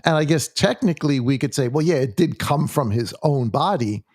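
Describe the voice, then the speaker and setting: A man leading a conversational Bible study in a church, halting and full of restarts as he reads scripture aloud. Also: a little high, expressive, darkish tone, no echo, clean studio sound. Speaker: Bible teacher.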